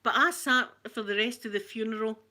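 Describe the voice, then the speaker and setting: Bright-voiced Scottish woman telling a story. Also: a little high. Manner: animated, chatty, quick to laugh. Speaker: ASMR channel host. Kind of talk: casual storytelling.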